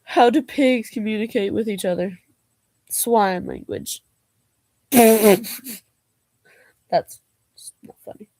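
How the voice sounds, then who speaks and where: A woman's voice: mid-range voice, takes it slowly, pauses often, dark tone, no echo. A young woman vlogger reading jokes aloud in a casual way, laughing and groaning at them and adding slangy asides.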